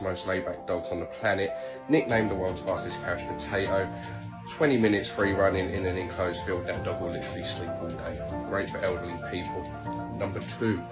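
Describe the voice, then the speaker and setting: A man's voice: low-pitched, poor audio. A man with an English accent, a dog trainer giving blunt, direct tips and swearing casually. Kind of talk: instructional tips to camera. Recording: music playing behind.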